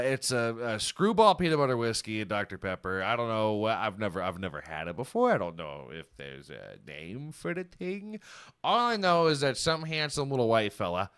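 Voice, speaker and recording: A man's voice: mid-range voice, smooth. Rowdy jokey male podcast host. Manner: rowdy, jokey, shifts between shouting and mumbling. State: out of breath. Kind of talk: comedic solo podcast banter.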